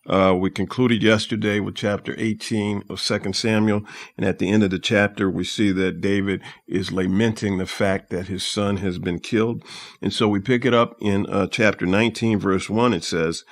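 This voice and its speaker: A man's voice: on the low side, steady tone, moderate pace, gravelly. A man hosting a podcast, reading scripture aloud and explaining it in a conversational way with frequent fillers. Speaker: podcast host teaching Bible. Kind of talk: casual Bible study commentary.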